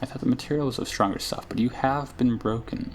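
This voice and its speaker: A man's voice: medium pitch, steady tone, fast talker, natural voice. A man reading an ancient scheming hag. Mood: brooding. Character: ancient scheming female hag, cruel and teasing. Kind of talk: reading game dialogue aloud.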